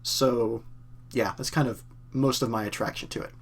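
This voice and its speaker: A man's voice: mid-range voice, fairly even intonation, normal speed, slightly rough. A young man from Kentucky with a faint Southern accent, hosting a casual live-stream Q&A, rambling with lots of fillers and self-corrections. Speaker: channel host.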